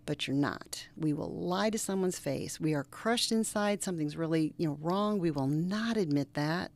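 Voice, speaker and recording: A middle-aged woman with a low, gravelly voice, talking in an interview. She tells stories earnestly and with feeling, and often drops to a hushed, almost whispered tone. Her delivery sounds close and conversational. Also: normal speed, hardly any pauses. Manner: earnest, animated storyteller who drops to soft near-whispers. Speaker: reverend and guest. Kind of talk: interview conversation with personal storytelling.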